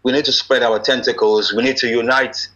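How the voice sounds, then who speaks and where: A middle-aged actor, telling stories as a podcast guest in casual chat and slipping into pidgin. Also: male voice, medium pitch, fairly quick, dull audio. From Nigeria. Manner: animated storyteller, slips into pidgin, chuckles often. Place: at home abroad, remote call.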